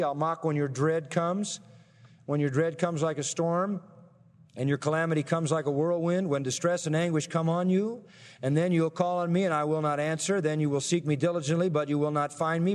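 A man's voice: fairly high pitch, fairly even intonation, brisk, in a large hall. A man preaching a sermon, emphatic, often throwing rhetorical questions at his listeners. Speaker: pastor.

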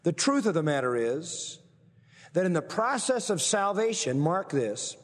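Emphatic preacher in a reverberant hall. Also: male voice, on the high side, very animated. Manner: emphatic, slows down to stress key phrases. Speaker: pastor. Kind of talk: sermon.

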